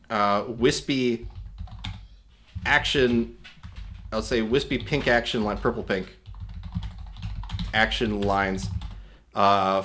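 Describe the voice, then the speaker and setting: A man's voice: mid-range voice, a bit bright. A man hosting a casual screen-recorded tutorial, explaining step by step in a rambling, self-correcting way and chuckling at his own remarks. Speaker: host demonstrating an AI video tool.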